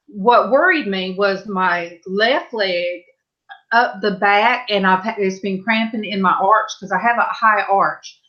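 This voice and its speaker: A woman hosting a live-stream panel, telling stories in a slow, halting, meandering way over a video call. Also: medium pitch, sharp tone, muffled recording. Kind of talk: casual chat on a live stream.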